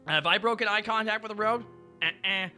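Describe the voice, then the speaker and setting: A young man streaming while driving, reading history aloud with animated, profane, sarcastic asides. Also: sits high, brisk, soft background music.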